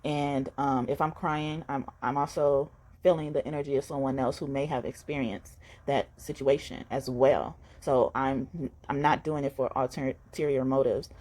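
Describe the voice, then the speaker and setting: A woman's voice: extremely low pitch, steady tone, moderate pace, few pauses, a little mellow. A woman giving a casual tarot reading to camera, speaking earnestly and affectionately to the viewer, rambling and repeating words as she goes. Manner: affectionate, addressing the viewer directly. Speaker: tarot reader.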